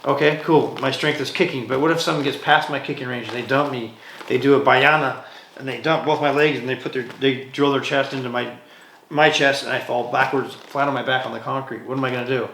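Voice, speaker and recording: Gravelly-voiced male guest, animated storyteller, roomy echo with faint noise. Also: mid-range voice, a little fast. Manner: animated storyteller, acts out dialogue in quoted voices. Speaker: martial arts instructor, podcast guest. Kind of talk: casual interview storytelling.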